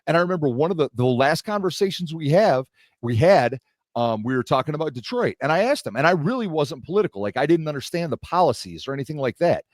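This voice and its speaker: A man's voice: on the high side, quick pace, no echo, studio quality. A young man from the Los Angeles area in casual podcast chat, telling stories and acting out the people he quotes. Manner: animated storytelling, acts out quoted voices. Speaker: podcast co-host.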